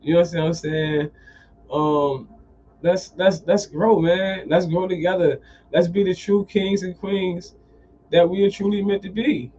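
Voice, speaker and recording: Profane, animated man with a fairly high voice. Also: measured pace. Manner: profane, animated, repeats phrases. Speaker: podcast host. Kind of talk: casual storytelling monologue. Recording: dull lo-fi sound.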